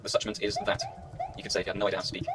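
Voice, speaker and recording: A man's voice: low-pitched, monotone, racing. A man giving rambling, self-mocking commentary while he plays a video game, talking half to himself. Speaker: let's play gamer.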